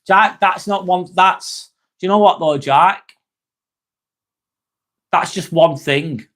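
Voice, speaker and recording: A man's voice: high voice, slow pace, fairly bright tone. A young man hosting a casual live stream, chatting to viewers, swearing now and then and calling people mate. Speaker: livestream host reading chat.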